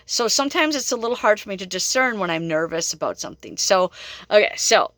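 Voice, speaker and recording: A woman's voice: mid-range voice, lively intonation, fast talker, fairly bright tone, dry recording. A middle-aged woman psychic telling a story in a chatty, rambling way, laughing often. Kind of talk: casual storytelling monologue.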